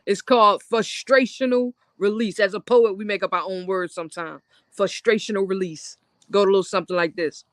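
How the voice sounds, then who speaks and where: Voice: fairly even intonation, a little fast, a bit bright, no room sound. Intense spoken-word poet, dry close mic. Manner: rhythmic, intense delivery that swings into a high, stretched-out sung chorus. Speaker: poet guest. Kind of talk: spoken-word poetry with a sung hook.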